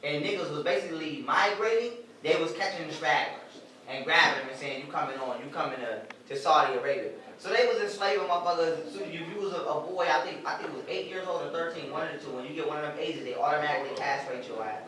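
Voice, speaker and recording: A man's voice: fairly high pitch, fast, pushed and bright. A man giving an informal lecture to a group of listeners, blunt and profane. He speaks emphatically and often laughs at his own jokes. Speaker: street lecturer addressing a small group. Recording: echoey space, mic far away, crowd audible.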